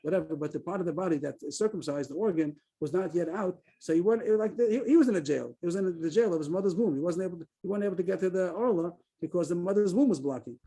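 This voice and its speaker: A man teaching a Talmud class over a video call, explaining quickly and repeating himself as he reads the text aloud. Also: high voice, mellow, breathy edge.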